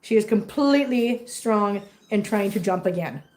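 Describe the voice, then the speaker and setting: A woman vlogging at home with her cats, switching between soft baby talk to kittens and chatty asides to viewers. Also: mid-range voice, lively intonation, normal speed, reverberant, low-quality recording. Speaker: cat channel vlogger. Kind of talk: casual vlog chat.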